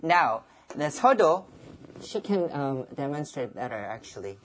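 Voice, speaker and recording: Slow, low-voiced woman. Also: sing-song, very noisy. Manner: halting, many fillers and restarts, sings short melodic examples. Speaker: music lecturer presenting a performer. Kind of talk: live lecture-demonstration.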